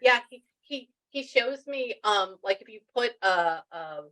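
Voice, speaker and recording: A woman's voice: mid-range voice, animated, a little slow, a bit bright, rough recording. A woman working as a spiritual medium, relaying messages in a chatty way and thinking aloud with lots of restarts. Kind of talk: relaying messages during a reading.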